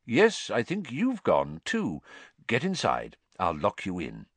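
A kindly old headmaster in his seventies or older, calm and quietly knowing, voiced by a male reader. His lines move with a lively lilt, and the sound is dry and close. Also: on the low side, takes it slowly, no echo, heavily acted. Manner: calm, gentle.

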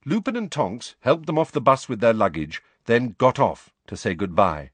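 A man reading a story aloud as an audiobook narrator, with expressive storytelling. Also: medium pitch, moderate pace, husky, no echo. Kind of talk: scripted narration.

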